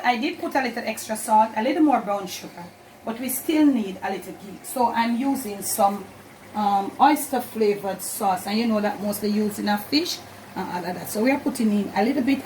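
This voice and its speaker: A woman's voice: fairly high pitch, darkish tone, a little hiss or hum, poor audio. A woman with a Jamaican accent, hosting a cooking channel and giving chatty, instructive steps while she cooks in her kitchen. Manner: chatty, instructive, repeats "and all of that". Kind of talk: casual cooking demonstration. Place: home kitchen.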